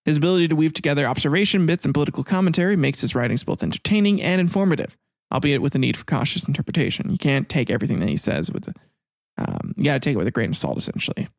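A man's voice: fairly high pitch, big pitch swings, rapid-fire, gravelly, dry recording, clean studio sound. A man hosting a history podcast in casual chat, rambling between reading notes and crude joking asides. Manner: rambling, jokey, crude asides, frequent laughs. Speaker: podcast host.

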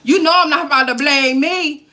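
High, bright-voiced woman on a cooking livestream. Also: normal speed. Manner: chatty, talks straight to viewers; playful, swears and jokes. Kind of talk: casual livestream cooking demo.

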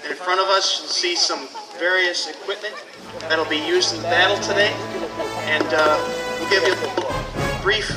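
A man's voice: high voice, steady tone, a little slow, pauses often, roomy sound, recorded from a distance, loud music behind the voice, low-quality recording. A man hosting an outdoor event and announcing to a crowd. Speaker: event host.

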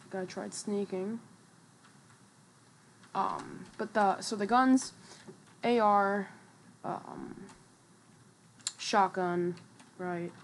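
A woman's voice: medium pitch, steady tone, very slow, pauses often, a little hiss or hum. Chatty trash-talking young woman gamer. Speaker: gaming streamer. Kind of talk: casual gameplay commentary.

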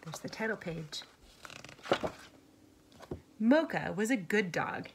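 A woman teacher reading a picture book aloud to children, slow, clear and patient. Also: mid-range voice, lively intonation, noisy background.

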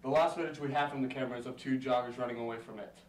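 A man's voice: mid-range voice, steady tone, very fast, distant mic, natural voice. A man playing a cool-headed watcher. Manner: level, composed, businesslike. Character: calm man controlling a watched world. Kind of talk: amateur short film acting. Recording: echoey room from afar.

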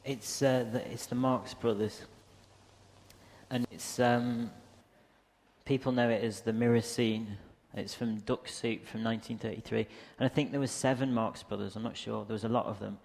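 A gravelly-voiced man gives a casual, rambling lecture with slides in a museum lecture hall, hesitating often and filling gaps with frequent ums. His voice is medium-pitched, fairly even, moderately paced, and a little mellow. It's picked up by a handheld or stand microphone, and the hall is reverberant.

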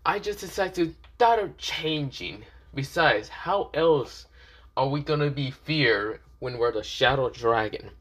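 Man playing a cocky teenage boy, teasing, smug, bright tone. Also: medium pitch, expressive, takes it slowly.

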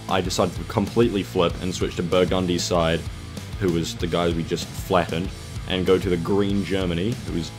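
Low voiced guy doing casual game commentary, hyped, swears a ton, random loud outbursts. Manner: excitable, swears a lot, sudden loud outbursts. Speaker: gaming video creator.

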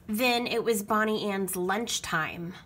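A woman reading a children's picture book aloud with expressive storytelling. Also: mid-range voice, slow pace, slight background noise.

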